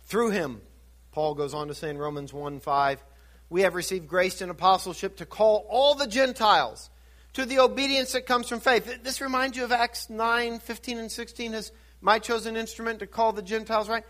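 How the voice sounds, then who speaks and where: Preaching at a normal speed, this man has a high, steady, slightly bright voice. He teaches scripture by asking and answering rhetorical questions, rising to fervent emphasis.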